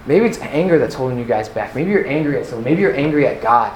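A young retreat speaker talks fast in a mid-range voice with lively intonation, offering an earnest personal testimony to youth. He leans on many fillers, and the echoey room has faint ambience plus a little hiss or hum.

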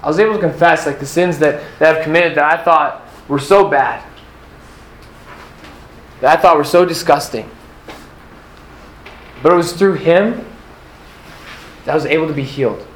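Speaking at normal speed with long pauses, a young retreat speaker with a voice on the high side shares an earnest personal testimony with a youth audience. Fillers are frequent, and the faith talk echoes in a room with faint ambience.

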